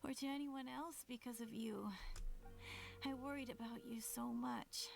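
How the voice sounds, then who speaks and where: A dying, gentle young sibling in a game cutscene, saying a soft and halting farewell. The voice sits high with a gravelly fry at the edges. Words come slowly, with long pauses between them. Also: female voice, steady tone, faint music behind. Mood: tender. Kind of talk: video game cutscene voice acting.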